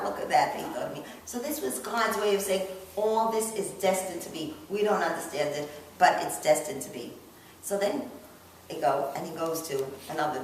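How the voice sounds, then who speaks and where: A woman's voice: on the low side, a little hiss or hum. A woman teaching an informal Torah class to a group of women, chatty and conversational, often asking the room if they follow her, recorded in an echoey room from a distance. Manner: chatty, asks the group questions, frequent "you know". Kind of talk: informal religious class talk.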